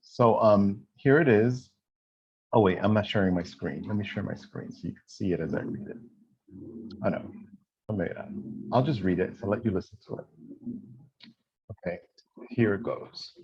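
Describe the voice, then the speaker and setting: Husky-voiced male teacher on a video call. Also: fairly low pitch, darkish tone. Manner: conversational, checks in with "right?" often; reads poetry aloud expressively with slow dramatic pauses. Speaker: college writing instructor. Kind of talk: online class lecture. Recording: dull lo-fi video call audio.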